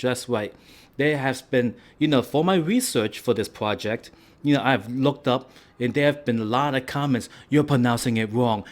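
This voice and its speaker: A man hosting a food and travel vlog, joking and rambling in a casual way with lots of "right?". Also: mid-range voice. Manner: playful, rambling, tag questions like "right?".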